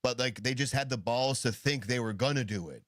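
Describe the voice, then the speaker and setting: A man's voice: mid-range voice, a little fast, fairly bright tone, dry recording, studio quality. Man casually riffing on weird news. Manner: reads news aloud, then riffs and jokes. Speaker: podcast co-host. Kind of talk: casual comedic news chat.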